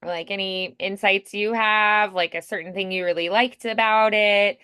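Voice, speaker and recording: A woman's voice: medium pitch, fairly even intonation, moderate pace, bright, forceful tone, clean tone, no echo, studio quality. A woman coaching a voice acting student in casual, chatty feedback, full of "like" and "you know", often acting out example lines.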